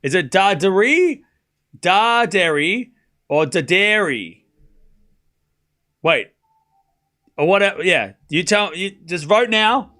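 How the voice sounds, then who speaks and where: A man's voice: high voice, animated, measured pace, pushed and bright. A young man casually calling a live tennis match for a stream audience, chatty and self-mocking, stumbling over player names. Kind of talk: casual play-by-play watchalong commentary.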